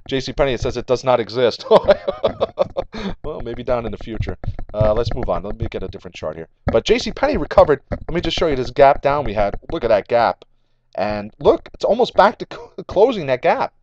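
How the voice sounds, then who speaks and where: Joking man giving a lively market recap. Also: mid-range voice, no room sound. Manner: joking, rambling, laughs at his own puns. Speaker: market commentary host. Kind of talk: casual market recap over charts. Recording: dry, slightly dull lo-fi audio.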